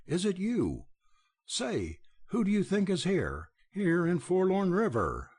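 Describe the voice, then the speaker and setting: A man voicing a gruff, hearty older rancher in an audiobook reading. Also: mid-range voice, wildly swooping pitch, slow pace, a little mellow, full character voice.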